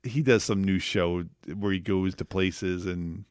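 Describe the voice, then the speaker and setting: A man's voice: low voice, measured pace, clear, resonant tone, dry recording, studio quality. A man from New Jersey co-hosting a podcast, swearing freely and laughing through his stories. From New Jersey, USA. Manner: profane, laughing, animated. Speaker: podcast co-host. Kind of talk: casual chat.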